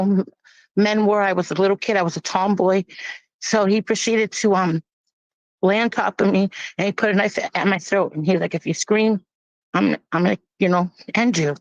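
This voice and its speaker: Woman, mid-pitched voice, plain-spoken personal testimony, halting and grave, dry room. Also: no echo. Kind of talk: personal testimony, casual storytelling. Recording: dull lo-fi, dry.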